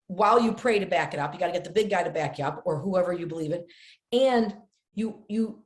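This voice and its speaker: A middle-aged woman from upstate New York, an actress telling stories as a podcast guest in a lively way, often acting out the voices of the people she quotes. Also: mid-range voice. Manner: lively, acts out quoted voices, repeats words for emphasis. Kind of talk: animated storytelling in conversation. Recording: roomy echo.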